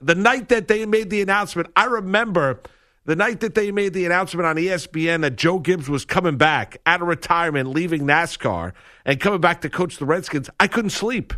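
A man co-hosting a sports talk show, talking in an animated, opinionated way with lots of emphasis. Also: high-pitched, a little fast. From grew up a Washington football fan.

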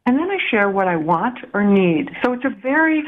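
A woman's voice: medium pitch, sing-song, moderate pace, noisy background. A middle-aged woman explaining a communication method in a podcast chat, laughing now and then as she gives examples. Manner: warm, explanatory, laughs while giving examples. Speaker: guest relationship coach. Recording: tinny phone line.

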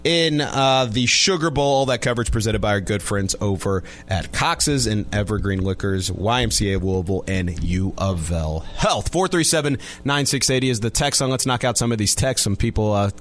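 A man's voice: on the low side, lively intonation, normal speed, hardly any pauses. Rambling male sports radio host. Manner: rambling, repeats and restarts phrases. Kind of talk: casual sports talk radio.

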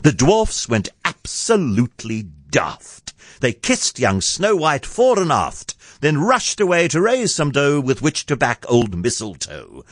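A man's voice: medium pitch, wildly swooping pitch, a little slow, no echo, clean studio sound. A man reading a comic storybook poem aloud, playful and sardonic. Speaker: narrator.

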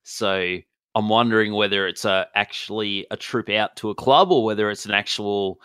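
A man's voice: fairly low pitch, moderate pace, fairly bright tone, smooth, dry recording, studio quality. A man co-hosting a casual music podcast, rambling with hesitant restarts. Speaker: podcast co-host. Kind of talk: casual chat.

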